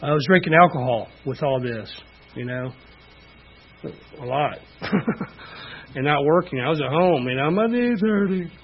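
A man's voice: fairly high pitch, lively intonation, normal speed, pauses often, slightly rough, highs cut off. Middle-aged man telling his story. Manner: candid, rambling, frequent "you know" fillers. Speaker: speaker sharing recovery story. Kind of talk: personal testimony at a recovery meeting.

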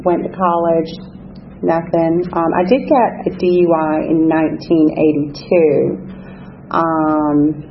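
A woman in her fifties from England, with an English accent softened by years in the American South, giving a candid personal testimony to a group with many ums and restarts. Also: low voice, dull audio, a little hiss or hum. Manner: candid, conversational, many ums and self-corrections. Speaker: speaker sharing her recovery story at a meeting.

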